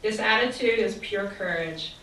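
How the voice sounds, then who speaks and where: A woman's voice: medium pitch, normal speed, fairly bright tone, slight background noise. A woman giving an earnest, reflective faith talk in a sermon style, often posing rhetorical questions. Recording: very echoey, distant mic with faint ambience.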